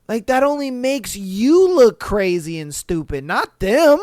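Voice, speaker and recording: An animated male podcast host reads listener stories and then riffs on them, swearing freely and jumping into little acted-out voices. His voice is smooth and clean, recorded close on a dry mic. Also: high voice, unhurried, few pauses, dry recording. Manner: animated, profane, acts out bits in funny voices. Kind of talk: reading and reacting to stories.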